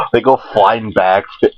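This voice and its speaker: A man's voice: fairly low pitch, big pitch swings, slow, a bit bright, breathy edge, dry recording, dull audio. A young man co-hosting a casual podcast, rambling through crude, joking stories. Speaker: podcast co-host. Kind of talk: casual chat.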